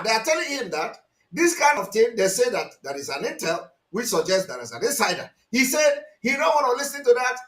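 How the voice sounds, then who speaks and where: A Nigerian man speaking in a very high, bright voice, commenting on played clips with mounting passion. He fires off rhetorical questions and breaks into shouts. The sound bounces around an echoey room. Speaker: commentator on a live stream.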